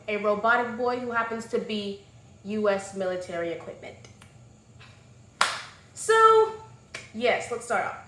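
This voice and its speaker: Woman vlogger, higher voice, animated and sassy, echoey room. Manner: animated, sassy, exclamatory asides. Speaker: vlogger reviewing a movie. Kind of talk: casual sassy commentary.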